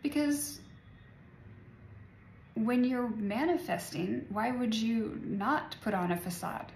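A spiritual vlogger in her forties speaks slowly in a high-ish, gravelly, darkish voice, rambling and laughing often about energy and healing. The echoey room has faint ambience plus a little hiss or hum.

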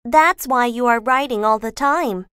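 A man's voice: very high voice, measured pace, bright, forceful tone, smooth, dry recording, studio quality, pitched above the performer's own voice, heavily acted. A man voicing an earnest young girl, the eldest sister, in an audiobook reading, with an emphatic, pleading manner.

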